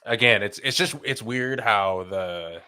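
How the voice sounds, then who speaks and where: A man's voice: fairly low pitch, bright, forceful tone, smooth. A man co-hosting a podcast in a casual chat, slangy and agreeable. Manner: agreeable, lots of quick yeahs, slangy. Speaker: podcast co-host.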